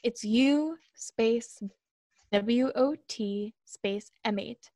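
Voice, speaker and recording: Deadpan young woman podcast co-host, dry mic. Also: fairly high pitch, extremely slow, no room sound. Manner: reads definitions aloud in a dry deadpan, then jokes. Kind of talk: casual podcast chat, reading slang definitions.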